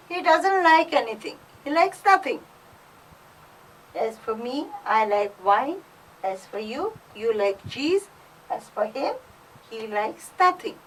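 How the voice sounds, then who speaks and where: A woman's voice: sits high, distant mic, low-quality recording. A woman French teacher with a Goan accent, explaining a lesson step by step and repeating each phrase for her students. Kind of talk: classroom lesson.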